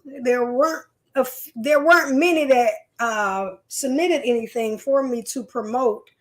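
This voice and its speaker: A woman hosting a live stream in a chatty, folksy way, talking straight to her viewers. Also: high-pitched. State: leg pain. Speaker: host. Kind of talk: casual live-stream chat.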